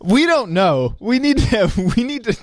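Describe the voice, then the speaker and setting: A man's voice: extremely high pitch, big pitch swings, unhurried, no echo, clean studio sound. A man co-hosting a casual comedy commentary on a video, riffing and joking. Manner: jokey, giggly, riffing. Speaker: co-host.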